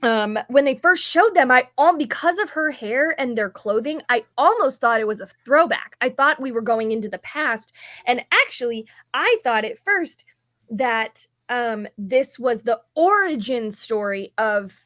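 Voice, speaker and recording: A tired, yawning woman co-hosts a podcast in a fairly high, slightly bright voice that is animated yet a little slow. She chats casually, rambling with lots of fillers.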